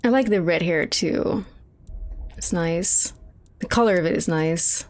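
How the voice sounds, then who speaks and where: A woman's voice: fairly low pitch, measured pace. A young woman streaming a game, commenting casually as she rambles, swears and laughs.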